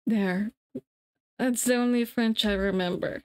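A woman's voice: fairly high pitch, lively intonation, slow. A woman live-streaming to her viewers in casual chat, rambling and giggling, restarting her sentences as she fiddles with settings.

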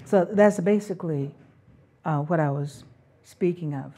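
A middle-aged woman speaking about parenting as a spiritual calling. She talks unhurriedly, her voice dark and mellow. Her tone stays earnest and reflective, with the odd soft laugh. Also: on the low side, a little slow. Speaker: parenting talk host.

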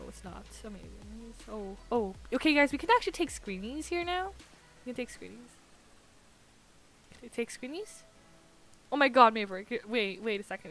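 A woman streaming a game, chatting to viewers in an excitable, chatty way and laughing often. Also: fairly high pitch. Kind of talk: casual live-stream gaming chat.

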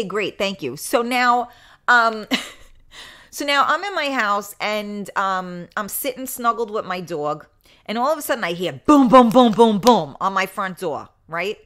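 A woman with a bright, forward voice hosts a live talk show on her own. She tells a story in a chatty, blunt, unfiltered way, swearing freely and laughing often. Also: mid-range voice.

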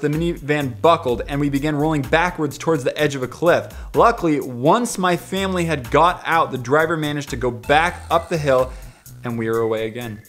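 A young man reads viewer comments aloud in a fairly high voice, animated and leaping up in pitch whenever a story turns silly. Faint music plays underneath him. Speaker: YouTuber reading viewer comments.

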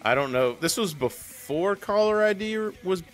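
A man's voice: sits high, moderate pace, faint music behind. A man co-hosting a casual podcast, telling stories with lots of laughs and swearing. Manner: animated storytelling, swears freely, laughs often. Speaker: podcast co-host. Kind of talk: casual chat.

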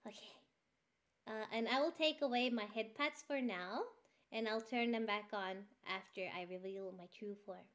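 A woman's voice: fairly high pitch, measured pace, pauses often, fairly bright tone. A woman streaming live, teasing her chat in a theatrical, boastful way with frequent laughter. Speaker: VTuber streamer.

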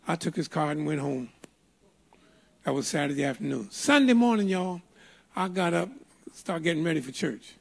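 A man's voice: fairly high pitch, animated, normal speed, creaky, long pauses, breathy edge. An older man preaching a sermon in a church, telling a folksy story with emphatic, playful delivery. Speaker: pastor. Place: church sanctuary.

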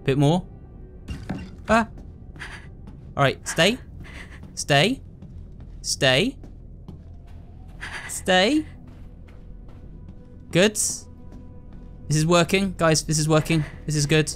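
A man's voice: a little high, lively intonation, drawn-out words, pauses often, fairly bright tone, soft background music. Jumpy man narrating a horror game. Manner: jumpy, frightened, talks to viewers. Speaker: gamer.

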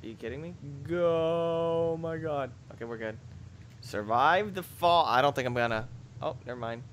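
A young man doing let's play commentary, reacting loudly with sudden shouts and laughs. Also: on the high side, normal speed, slight background noise. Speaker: gameplay commentator.

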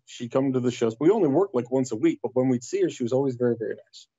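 A man telling a story as a podcast guest, in a lively way that acts out the other people's lines. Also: mid-range voice, fast talker, slightly rough, no room sound. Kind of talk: casual anecdote. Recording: dull lo-fi dry recording.

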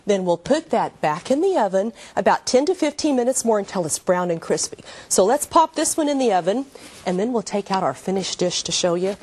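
A woman's voice: mid-range voice, expressive, brisk, darkish tone, slightly rough. Older woman, cooking show host, homey and gushing, kitchen demo. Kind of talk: TV cooking demonstration. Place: kitchen set.

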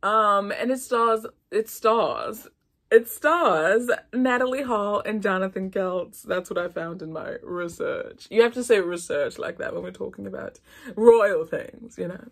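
A woman from Philadelphia reviewing a film in a playful, expressive casual chat. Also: medium pitch, measured pace, creaky. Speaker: movie reviewer.

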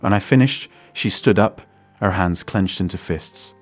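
A man narrating a first-person story in a steady, scripted way. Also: low voice, moderate pace, faint music behind.

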